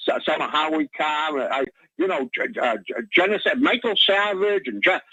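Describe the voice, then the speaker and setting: A male caller rambles through a radio call-in, stumbling over words and restarting sentences again and again. His voice sits high and swings widely in pitch. The line is dry and muffled, like a lo-fi phone. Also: lively intonation, moderate pace, pushed and bright, no room sound. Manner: rambling, stammering, many restarts. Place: Boston area.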